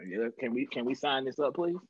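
A man co-hosting a casual chat show, asking lots of questions in a lively way with halting restarts. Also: medium pitch, dull audio. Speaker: podcast co-host.

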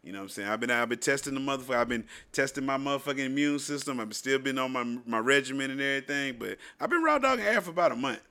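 A man co-hosting a podcast in casual, loud, profane chat, often slipping into mocking voices. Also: rapid-fire, hardly any pauses. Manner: loud, animated, swears freely, puts on mocking high voices. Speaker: podcast co-host.

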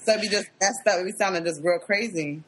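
A woman's voice: mid-range voice, quick pace, fairly bright tone, slight background noise, low-quality recording. A woman co-hosting a casual hip-hop podcast, chatty and full of filler words. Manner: chatty, lots of filler likes and restarts. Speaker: podcast co-host.

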